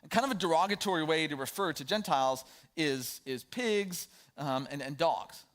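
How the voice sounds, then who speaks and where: A man's voice: on the high side, animated, normal speed, fairly bright tone. A man in his thirties preaching a sermon in a conversational way, with storytelling asides. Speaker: pastor.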